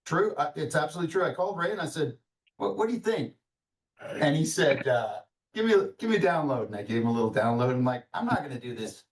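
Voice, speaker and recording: A man hosting a webinar in casual chat, talking in a rambling, halting way with many restarts, on a video call. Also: medium pitch. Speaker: webinar host. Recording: roomy, distant mic.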